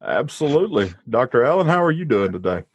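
A man's voice: mid-range voice, very animated, fast talker, slightly rough, no echo, lo-fi sound. A man with a Southern US accent hosting a podcast in a folksy, easygoing, polite way. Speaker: podcast host. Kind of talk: casual podcast chat.

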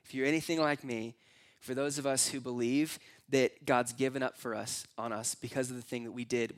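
A man's voice: mid-range voice, steady tone, brisk. A young adult man preaching a conversational, earnest sermon as pastor, sometimes acting out voices in his stories.

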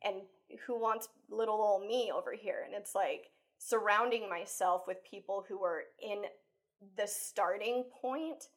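A woman life coach talking casually as an interview guest, chatty and animated, acting out her own thoughts with lots of "like" and "you know.". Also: mid-range voice, measured pace. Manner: acts out her own inner thoughts while telling stories. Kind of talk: conversational interview.

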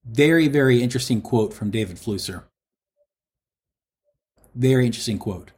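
Man preaching, repeating lines slowly. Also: mid-range voice, a little mellow. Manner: addresses listeners as friends. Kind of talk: sermon.

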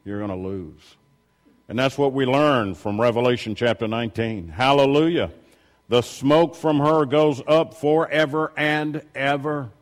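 A middle-aged man preaching a sermon, telling stories in a low voice and then rising loudly as he reads and exhorts. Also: unhurried. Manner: shifts from quiet storytelling to loud preaching.

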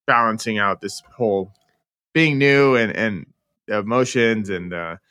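A man's voice: lowish voice, unhurried, bright, forceful tone, clean tone, no room sound. A young man co-hosting a podcast, talking in an easygoing, hesitant way with many ums. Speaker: podcast co-host. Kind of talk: casual chat.

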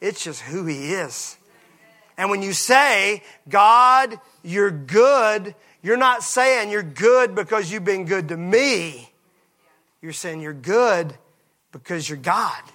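A pastor preaching a passionate sermon, moving from hushed lines to shouts. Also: male voice, high voice, lively intonation, slow pace.

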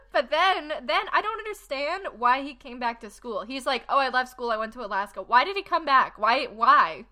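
Bright-voiced young woman, wry chat. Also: sits high, animated, moderate pace. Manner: wry, quoting characters in mocking voices. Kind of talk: casual chat.

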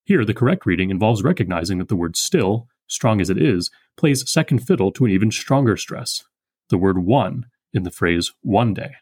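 A man hosts a poetry podcast and walks through a poem's meter in a precise, methodical way. His voice sits low and has a husky edge. He pauses to speak single lines slowly, like examples in a lecture. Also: expressive, a little mellow, no echo, studio quality. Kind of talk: close reading and metrical analysis.

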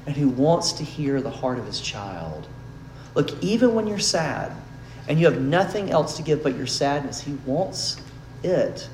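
Earnest male preacher in a roomy hall. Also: a little high. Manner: earnest, rises to emphatic peaks then drops soft. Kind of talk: sermon. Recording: roomy hall sound with faint background noise.

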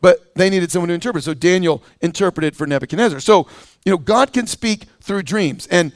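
A man's voice: sits high, a little fast, no room sound, studio quality. A male pastor preaching a sermon in a conversational way, with fillers, restarts and scripture read aloud.

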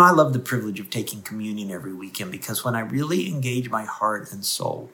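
A male pastor giving a radio devotional sermon in an animated, conversational storytelling way. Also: medium pitch.

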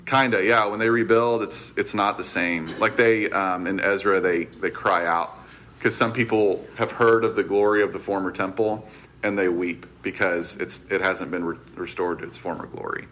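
A man's voice: sits low, steady tone, normal speed, fairly bright tone, a little hiss or hum. A man teaching a casual Bible class, chatty and loose, correcting himself and laughing easily.

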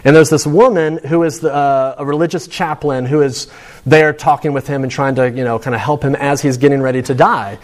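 A man's voice: medium pitch, steady tone, a little fast. A man giving a sermon to students in a conversational, storytelling way. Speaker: preacher.

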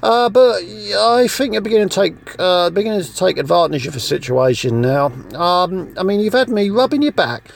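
A man's voice: sits high, animated, normal speed, gravelly, few pauses, a little hiss or hum. A man playing a fed-up young male Jedi trainee in a comedic monologue, rambling and stammering with exasperation.

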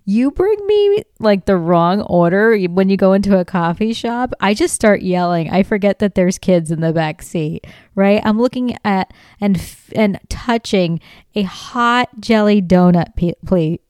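Animated, swearing woman comic. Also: mid-range voice, a little slow, clear, resonant tone, no echo, clean studio sound. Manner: animated, swears freely, laughs often, acts out quoted lines. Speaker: podcast host. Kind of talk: comedic storytelling monologue.

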